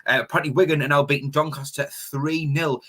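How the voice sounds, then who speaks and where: Fast-talking co-host. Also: male voice, fairly high pitch. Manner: relaxed, filler-heavy. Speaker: co-host reading viewer comments. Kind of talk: casual fan chat.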